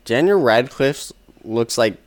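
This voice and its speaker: A man in casual podcast chat, telling funny stories with lively, high-pitched quoted voices. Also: takes it slowly. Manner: animated storyteller, jumps into high comic voices when quoting. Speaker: podcast co-host.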